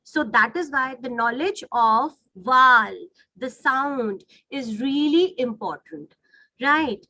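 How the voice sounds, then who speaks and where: A woman's voice: high-pitched, slow, pushed and bright, no room sound, low-quality recording. A woman giving an online lecture on phonetics, explaining and checking in often with the listeners. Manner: explanatory, frequent "right?" and "you know" checks. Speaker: English phonetics teacher.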